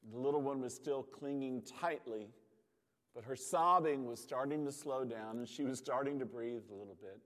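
Male pastor, mid-pitched, slow and measured sermon with dramatic pauses, reverberant sanctuary sound. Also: a bit bright. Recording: long hall reverb.

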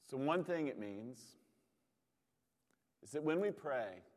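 A male pastor delivers a sermon at an unhurried pace. His measured phrasing leaves long dramatic pauses between thoughts. His voice carries a long reverb from a large church sanctuary. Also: medium pitch, expressive, darkish tone.

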